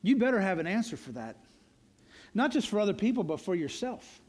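A man with a high, bright voice preaches a sermon, earnest and emphatic. He leans on repeated refrains and drives each point home to the congregation. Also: big pitch swings, a little fast. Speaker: pastor.

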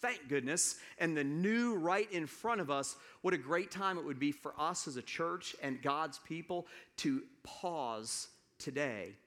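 This is a male pastor from the American South whose voice leans high, sharing a personal story in a sermon. His delivery is easy and conversational, with stop-and-start restarts and asides directed at the congregation.

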